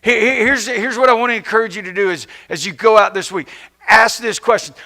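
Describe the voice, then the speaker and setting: Casting: male pastor, high pitch, gravelly edge, chatty sermon that acts out complainers. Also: fairly even intonation, brisk, bright, forceful tone. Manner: conversational and playful, acts out complaining people. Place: church.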